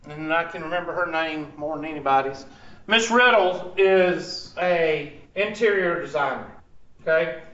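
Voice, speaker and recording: A man's voice: sits high, fairly bright tone, reverberant, dull audio. A man teaching a class, quizzing the students and repeating their answers, with chatty asides to himself about the equipment. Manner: chatty, talks to himself over tech trouble. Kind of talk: classroom lecture.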